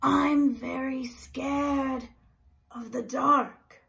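A woman voicing a wicked but frightened male pirate in a children's storybook, pleading in slow, drawn-out words. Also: sits high, fairly even intonation, vocal fry, fairly bright tone, full character voice.

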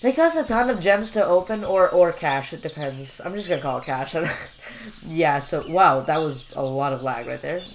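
A man's voice: a little high, animated, moderate pace, slight background noise. A young man casually commentating while he plays a game, rambling and joking with lots of filler words. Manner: chatty, rambling and jokey, with frequent fillers. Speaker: gameplay commentator.

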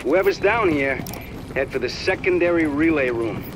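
An actor playing a gruff male engineer in a video game, giving blunt, profane orders over the radio. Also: fairly high pitch, expressive, normal speed, close to an everyday voice. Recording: noisy game audio.

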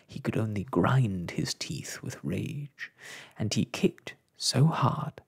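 Brief: male storyteller, hushed ASMR reading, slow and animated. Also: medium pitch, vocal fry, husky. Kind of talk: soft-spoken ASMR storytelling.

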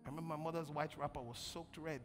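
A man preaching a sermon as pastor, calling on the congregation to answer and swinging from loud bursts to quiet storytelling. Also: on the high side, steady tone, fast talker. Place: large church hall. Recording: long church hall reverb, faint music.

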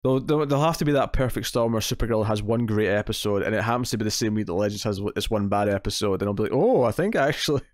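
A man's voice: lowish voice, steady tone, rapid-fire, hardly any pauses, no room sound, clean studio sound. A man hosting a casual comics TV podcast, rambling and correcting himself, often laughing. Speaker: podcast host.

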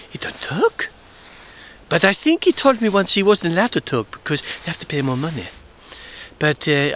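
A vain, rambling French aristocrat who brags about himself in a put-on French accent, played by a man. His pitch is lively and swings between high squeals and hushed asides. A faint hiss sits behind the voice. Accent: fake French. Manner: boastful, rambling, theatrical, slips into whispers. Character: pompous French count, boastful male character. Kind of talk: comedic character monologue.

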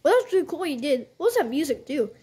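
High-pitched woman voicing toy characters. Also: quick pace. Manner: bouncy, excitable, frequent sound effects. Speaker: toy video creator voicing every character. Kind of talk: playful toy role-play.

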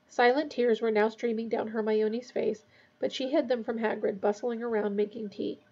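A woman reading a novel aloud in a steady, measured way. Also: a little high, slightly rough, muffled recording. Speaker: audiobook reader.

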